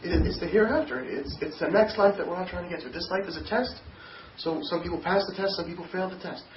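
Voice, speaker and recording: A young man from Newfoundland, Canada, telling a personal story in a halting way, often repeating and restarting words. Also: sits high. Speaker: interviewee telling his conversion story. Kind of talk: personal testimony. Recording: distant echoey dull recording, faint noise.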